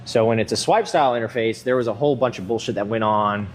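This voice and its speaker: A man's voice: on the low side, fast, a little hiss or hum. A young man chatting casually while working out in a gym, rambling and swearing freely with a self-mocking edge. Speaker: vlogger.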